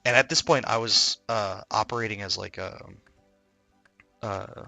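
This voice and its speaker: A man's voice: lowish voice, unhurried, gravelly, pushed and bright, no room sound, faint music behind. A man chatting casually on a stream, telling long stories full of fillers. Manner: rambling storyteller, many fillers. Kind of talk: casual chat.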